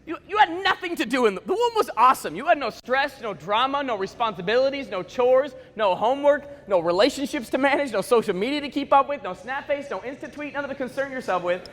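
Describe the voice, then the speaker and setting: Man, motivational speaker, school assembly speech, playful storytelling, high voice, long hall reverb. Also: animated, fairly bright tone. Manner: playful, joking storyteller acting out quick dialogue.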